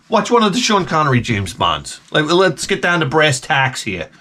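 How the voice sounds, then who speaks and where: A man hosting his own channel, telling rambling comedic work stories full of asides and quick impressions. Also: mid-range voice. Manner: animated, jumps between impressions and asides. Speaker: channel host.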